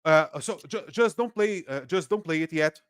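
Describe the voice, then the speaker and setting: A man from Brazil with a Brazilian accent, a native Portuguese speaker, talking as a guest political analyst in a casual podcast interview, animated and quick to laugh, often restarting his sentences. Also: on the high side, clear, resonant tone, no echo, studio quality.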